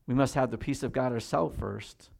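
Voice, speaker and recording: Guy preaching a sermon, slows way down for scripture, then gets loud and high when he pushes a point. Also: creaky. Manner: swings from slow, quiet emphasis to loud, raised-pitch exhortation; reads scripture slowly and deliberately. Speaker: pastor.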